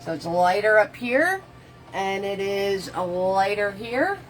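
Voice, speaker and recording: Here the painting teacher talks slowly, her medium-pitched voice full of lively intonation as she chats with her audience, answers their comments, and offers casual, loose instructions step by step. Faint music sits underneath, and the audio quality is poor.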